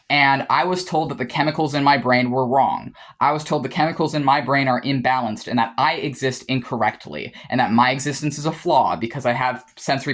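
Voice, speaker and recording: Heated, profane young man ranting. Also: mid-range voice. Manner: heated, profane and rambling, with frequent restarts. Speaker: vlogger. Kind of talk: casual monologue to camera.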